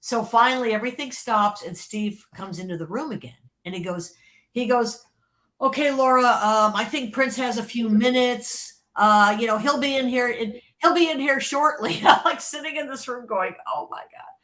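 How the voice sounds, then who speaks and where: A woman with a bright, forceful voice pitched a little high tells an eager story as an interview guest. She jumps between hushed asides and loud bursts of excitement, stumbling over repeated words. She laughs readily as she talks. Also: moderate pace. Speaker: interview guest, former record label creative executive. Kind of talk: animated storytelling in a podcast interview.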